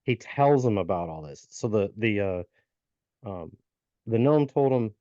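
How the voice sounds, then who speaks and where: A man's voice: fairly low pitch, expressive, normal speed, long pauses, mellow, no room sound. A man co-hosting a podcast, casually retelling a folk tale with lots of fillers and restarts. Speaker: podcast co-host. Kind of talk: casual storytelling chat. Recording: dull lo-fi podcast audio.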